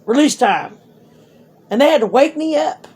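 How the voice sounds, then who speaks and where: A woman's voice: sits high, expressive, normal speed, darkish tone. A middle-aged woman, a mother telling her grown son blunt stories in casual talk, swearing freely. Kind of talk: casual storytelling.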